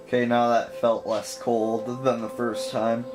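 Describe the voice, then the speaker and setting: A man talking casually over gameplay in an offhand, joking way. His pitch sits in the middle range. Game music plays clearly behind him. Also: level tone, a little slow, rough recording. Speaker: gaming channel host.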